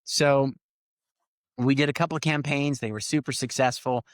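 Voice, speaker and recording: Middle-aged male podcast guest, animated raconteur, plays out dialogue, dry recording. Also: mid-range voice, moderate pace, dry recording. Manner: animated storyteller, acts out quoted lines. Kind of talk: casual storytelling interview.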